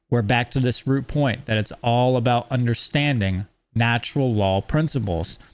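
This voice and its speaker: A man lecturing in a measured, explanatory way, reading out principles and then commenting on them. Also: mid-range voice. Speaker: teacher. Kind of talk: lecture on esoteric teachings.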